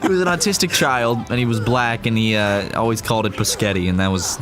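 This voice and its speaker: A man's voice: mid-range voice, lively intonation, slow, pauses often. A man in a casual gaming chat, telling rambling, self-deprecating anecdotes. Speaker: gaming show co-host. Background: game music.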